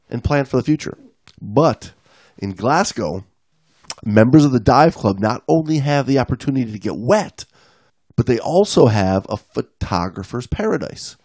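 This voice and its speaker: A man in his forties reads an article aloud on a podcast and breaks off now and then for wry asides. His voice is gravelly, sitting at a middle pitch. The recording is dry and close. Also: a little mellow, no room sound. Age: 40s. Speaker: podcast co-host.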